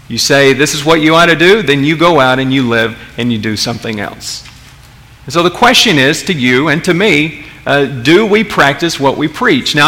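A man preaching a sermon in a bright, gravelly voice a little higher than most men's. He talks conversationally, piling up rhetorical questions and restarting his sentences. The sound carries a long reverb from a big hall. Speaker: pastor.

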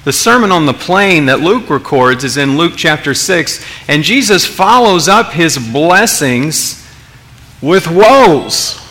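A man's voice: on the high side, lively intonation, slow, fairly bright tone. A man preaching a sermon in a conversational way, with many restarts and questions to his audience. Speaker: pastor.

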